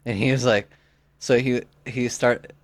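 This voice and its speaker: A podcast co-host in his twenties rambles through a story casually, saying "like" constantly and often restarting. His medium-pitched voice is fairly even in intonation and a little slow, with no room sound.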